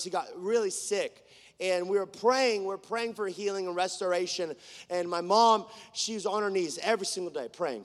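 A man with a high, light voice preaches to his congregation, and the sound rings with a long hall reverb. He speaks earnestly, building to fervent, repeated declarations and then dropping to a hushed voice when he tells personal stories. He is a worship leader giving a sermon. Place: church.

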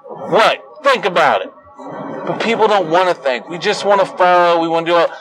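Young adult male host, high-pitched, swearing, combative rant, bursts into yelling. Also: fairly even intonation, fast talker, a crowd in the background, noisy background. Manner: profane, combative and ranting. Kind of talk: angry solo rant.

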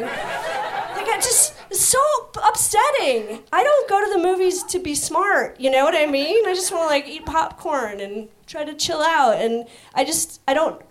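A woman doing a stand-up set on stage, rambling and self-deprecating in a high-strung way. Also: animated, moderate pace, slight background noise. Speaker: stand-up comic. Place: comedy club stage. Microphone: stage microphone.

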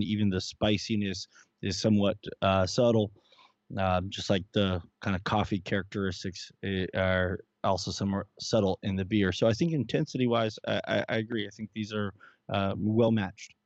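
A man's voice: on the low side, darkish tone, no echo, lo-fi sound. A man co-hosting a casual cigar and beer tasting chat, talking in long rambling runs full of fillers and restarts. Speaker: podcast co-host.

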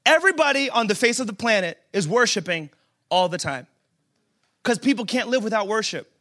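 High, bright-voiced man preaching with humor. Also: a little fast. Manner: animated, joking, rising to emphatic shouts. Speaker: pastor. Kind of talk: humorous conversational sermon. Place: church service.

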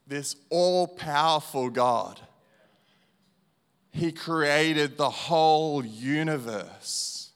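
A man preaching an evangelistic sermon and sharing his testimony, repeating phrases slowly and emphatically, swinging between hushed and loud. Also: on the high side, clean tone.

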